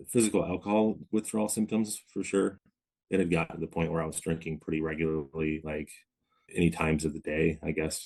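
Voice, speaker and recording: A man in his thirties, a podcast guest, telling his story of recovery in a reflective, measured way with many pauses. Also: low voice, darkish tone, breathy edge. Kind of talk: candid interview storytelling.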